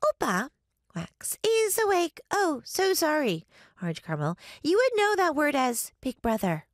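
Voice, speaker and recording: Lady doing a high excited ghost kid, bouncy and squeaky, dry sound. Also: a little slow, dry recording. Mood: sighing. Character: bubbly child ghost girl, eager hostess.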